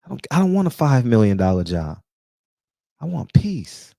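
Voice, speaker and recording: Fired-up man preaching with lively pitch. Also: normal speed, vocal fry, no room sound, clean studio sound. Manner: preachy, confrontational, repeats rhetorical questions. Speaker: barbershop talk show host. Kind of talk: heated casual monologue.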